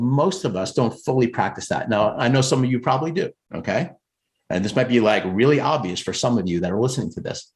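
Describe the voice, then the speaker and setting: An American man, a career coach, talking earnestly and conversationally about spirituality on a group call, often rising in pitch for emphasis. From United States.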